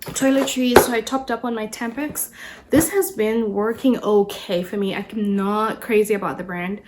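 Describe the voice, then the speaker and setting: A woman's voice: mid-range voice, measured pace, slight background noise. A woman, a mother, chatting casually at home as she shows a grocery haul, rambling with many fillers and restarts. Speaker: mother and lifestyle vlogger.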